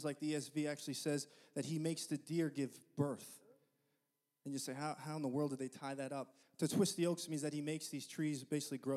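A man's voice: on the high side, a little mellow. A man preaching a sermon to his church, impassioned and repeating phrases for emphasis. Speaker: pastor. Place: church sanctuary. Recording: long hall reverb.

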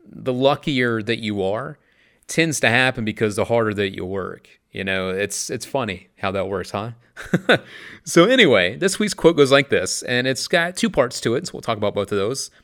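A man's voice: mid-range voice, fairly bright tone. A man hosting his own podcast, talking in an upbeat, chatty and emphatic way about mindfulness. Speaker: podcast host. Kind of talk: casual motivational talk.

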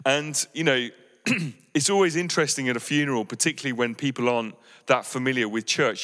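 Man preaching, pastor, earnest, pleading, bright forceful voice, slightly high, long hall reverb. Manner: earnest, pleading, many restarts and "you know". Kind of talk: sermon.

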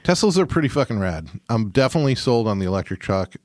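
A man's voice: mid-range voice, big pitch swings, fast talker, darkish tone, no echo, studio quality. A man on a casual podcast, telling a long story loosely, with lots of swearing and trailing restarts. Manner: rambling, profane, trailing off. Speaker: podcast co-host.

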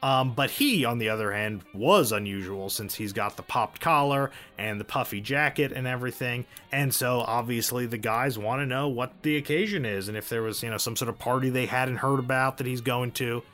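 Male podcast host, casual storyteller, dry jokes, mid pitch. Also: normal speed, hardly any pauses, sharp tone, soft background music. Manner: wry, joking asides.

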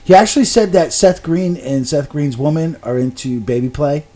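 A man with a slightly higher-than-usual voice chats on a podcast, blunt and profane. He stumbles over his words and restarts often, tossing off opinions with a shrug. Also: normal speed, warm tone. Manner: blunt, stammering restarts, heavy swearing. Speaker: podcast co-host. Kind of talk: casual, profane podcast chat.

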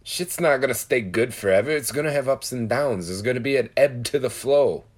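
A man's voice: mid-range voice, fairly quick. A man talking in a casual, profane, rambling monologue, telling stories and musing loosely. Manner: profane, storytelling, loose and conversational.

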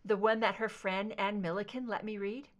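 A woman voicing a calm, firm female FBI agent in an audiobook, speaking steadily and low. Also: moderate pace, natural voice. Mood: steady.

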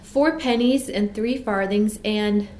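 A woman's voice: takes it slowly, darkish tone, echoey room, natural voice. A woman voicing a curious little boy who speaks eagerly in a raised voice. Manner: eager, pleading, high-pitched.

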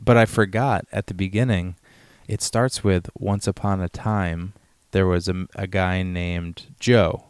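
A man co-hosting a podcast, talking about a film in a relaxed, rambling way with lots of fillers. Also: deep voice, unhurried, smooth, dry recording. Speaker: podcast co-host. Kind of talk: casual film discussion.

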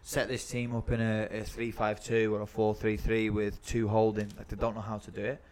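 A man's voice: on the low side, completely flat delivery, moderate pace, darkish tone. A man hosting a casual podcast as a football coach, talking eagerly and promoting his camps.

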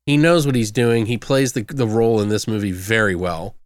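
A man's voice: fairly low pitch, fairly quick, dry recording. A young man co-hosting a casual movie review podcast, rambling and loose, swearing freely, with lots of fillers.

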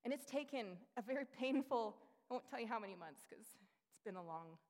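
A woman's voice: a little high, a little fast. A woman in her thirties preaching a sermon, telling personal family stories and acting out the voices of the people in them. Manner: animated storytelling, acting out quoted voices. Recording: long hall reverb.

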